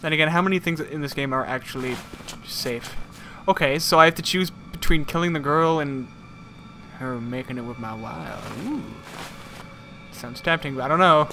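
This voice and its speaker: A man's voice: on the high side, moderate pace, vocal fry, bright, forceful tone, a little hiss or hum. A man joking sarcastically and swearing through casual commentary on a game he is playing. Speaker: let's play gamer.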